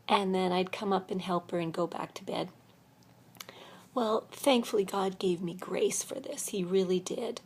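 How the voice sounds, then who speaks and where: Older woman, hushed half-whisper, slightly tired, gravelly, breathy, personal story vlog. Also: fairly low pitch, steady tone, normal speed. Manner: speaking softly, half-whispering to keep quiet. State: a little weary. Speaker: vlogger telling her life story. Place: quiet room at a retreat center.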